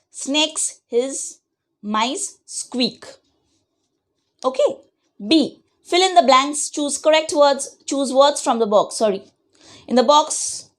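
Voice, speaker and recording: A woman teaching an online class, patiently dictating answers and spelling out words letter by letter. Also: sits high. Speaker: schoolteacher. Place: home.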